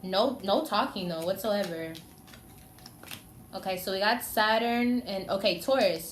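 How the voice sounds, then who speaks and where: A chatty woman reads tarot cards in a casual, teasing way and talks straight to the signs she reads for. Her voice sits in a middle range and carries a clear room echo with a faint hiss behind it. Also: medium pitch, unhurried. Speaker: tarot reader. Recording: echoey room with faint noise.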